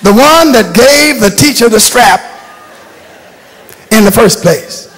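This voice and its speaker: A man's voice: extremely high pitch, animated, slow pace, a bit bright, slightly rough, in a large hall. An older man preaching a sermon, telling stories emphatically and repeating phrases for effect, in a church sanctuary. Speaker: bishop preaching.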